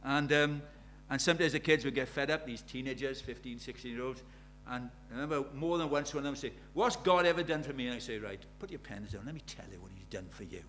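A middle-aged man preaching a sermon. He drops to near-whispers and then rises to loud, urgent questions. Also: medium pitch, fast talker, few pauses, a little hiss or hum. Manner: swings from hushed intimacy to loud urgent questions.

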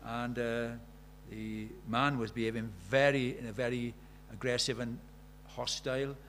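A man preaching a sermon, animated and rhetorical, asking the congregation questions and acting out the voices he quotes. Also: mid-range voice, a little slow, slight background noise.

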